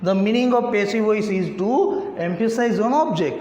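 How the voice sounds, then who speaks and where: Speaking in a high voice with a darkish tone, a man with an Indian English accent works through a grammar lesson by asking his own questions and answering them step by step. His questioning is slow and repetitive, and the lo-fi recording sounds slightly dull and echoey.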